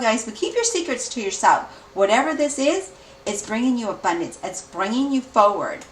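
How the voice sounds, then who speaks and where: Female tarot reader, lively and repetitive, roomy echo, slightly off-mic, faint room noise. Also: mid-range voice, moderate pace. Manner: energetic, repeats herself, speeds up with excitement. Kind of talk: tarot reading. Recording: echoey room, mic at a distance.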